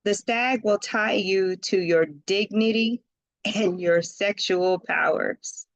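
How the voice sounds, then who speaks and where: Woman tarot reader, slow and chatty, slangy asides, dry close sound. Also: medium pitch, dry recording, muffled recording. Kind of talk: casual tarot reading.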